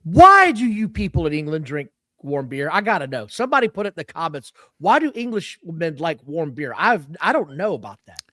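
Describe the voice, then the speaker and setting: A man co-hosts a wrestling podcast and talks in a fired-up, opinionated way. His voice sits high and swoops around a lot. The sound is dry and close to the mic. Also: fairly quick, hardly any pauses, dry recording. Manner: animated, opinionated ranting. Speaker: podcast co-host. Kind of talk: casual chat.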